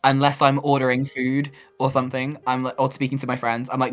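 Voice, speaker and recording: A woman's voice: rumbling low, completely flat delivery, fairly quick. A woman guest on a podcast, talking in a chatty, self-deprecating way and acting out quotes. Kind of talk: casual chat.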